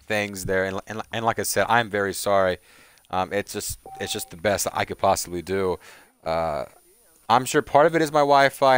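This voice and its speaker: A man's voice: medium pitch, fairly bright tone, smooth. A man streaming a video game, chatting casually to viewers with lots of fillers and restarts. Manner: rambling, lots of fillers and restarts, laughs easily. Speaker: live streamer. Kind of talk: casual gameplay commentary.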